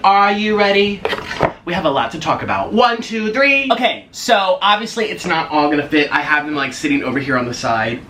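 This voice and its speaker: A man in his twenties chatting in a casual mukbang vlog, excitable and gushing. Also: fairly high pitch, slight background noise. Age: 20s. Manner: excitable, gushing, many gasps and squeals. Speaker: vlogger. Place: apartment in a busy city. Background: faint street ambience.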